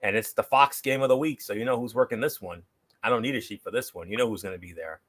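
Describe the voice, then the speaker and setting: A man hosting a casual football picks show, giving a plain, steady rundown of each game with a few fillers. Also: fairly low pitch, fast. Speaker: show host. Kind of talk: casual sports picks chat.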